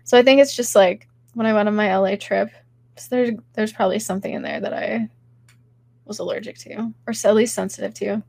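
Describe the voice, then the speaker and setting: A woman's voice: medium pitch, fairly even intonation, fairly quick, creaky, darkish tone, no echo. A young woman hosting a casual livestream podcast, chatting with her chat while sick and stuffy, with lots of giggles and filler words. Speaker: podcast host reading chat.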